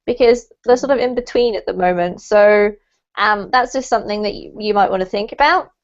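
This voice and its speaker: This medium-pitched woman speaks fairly quickly while running an online English pronunciation lesson. She's chatty and encouraging with a light laugh, and her video-call mic gives the recording a dull lo-fi sound.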